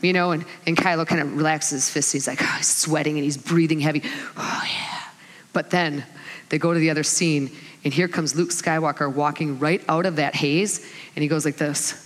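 A woman's voice: sits low, a little fast, in a large hall. A middle-aged woman giving a sermon, telling stories with laughter and acting out voices, mother of kids. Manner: animated storytelling with laughs and acted-out voices. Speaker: speaker at a church talk.

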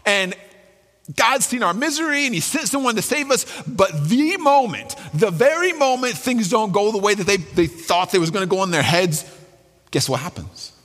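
A man's voice: high voice, animated, normal speed, a bit bright. A man preaching a sermon in a conversational way, with colloquial asides and frequent restarts. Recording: long hall reverb.

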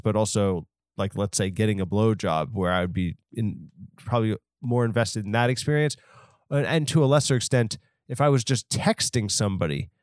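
A man's voice: mid-range voice, no echo, clean studio sound. A man hosting a solo comedy podcast, talking in a rambling, self-interrupting way full of absurd tangents. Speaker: podcast host.

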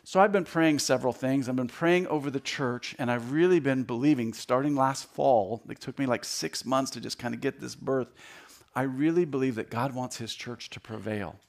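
A man in his fifties giving a conversational sermon as a guest speaker in a church, joking and repeating words and getting louder to stress a point. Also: medium pitch, normal speed, vocal fry. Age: 50s. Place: church sanctuary.

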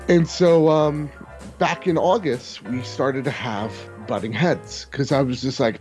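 A young man speaking at an average pitch, venting in a loose, casual podcast conversation. His telling is heated and profane, and he drops into quoted voices along the way. Faint music plays underneath. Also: animated, moderate pace, darkish tone. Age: young adult. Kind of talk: casual storytelling.

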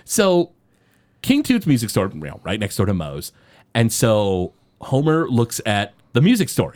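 A man recapping a cartoon episode in casual podcast chat, rambling and halting with many fillers. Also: medium pitch.

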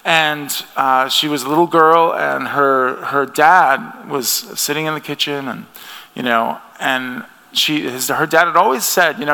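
A man's voice: on the high side, measured pace, gravelly, bright, forceful tone, clean tone. A man from the United States preaching a sermon in an earnest, conversational way, with frequent restarts. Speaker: pastor. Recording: long hall reverb.

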